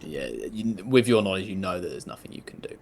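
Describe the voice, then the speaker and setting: A man narrating as game master of a tabletop game, halting and soft-spoken, with many fillers. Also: deep voice, expressive.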